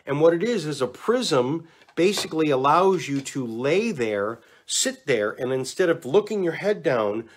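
A man giving relaxed, chatty instructions on neck exercises, talking to the camera and demonstrating as he goes. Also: a little high, measured pace. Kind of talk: casual instructional talk to camera.

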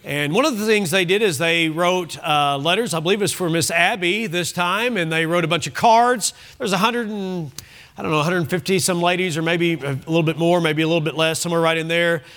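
A man's voice: fairly high pitch, fairly quick, a bit bright. A man pastor preaching a sermon, emphatic and fond of repeating key phrases.

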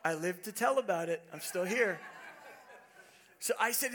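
High-voiced man preaching a story. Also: moderate pace. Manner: storytelling, animated and self-deprecating. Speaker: pastor. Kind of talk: sermon.

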